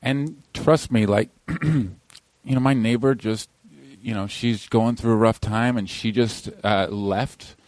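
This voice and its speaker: A man chatting casually in a studio at an ordinary middle pitch. He is easygoing and a bit hesitant, often restarting what he says. The sound is close and dry, with no room echo. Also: slow pace, a little mellow. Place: recording studio.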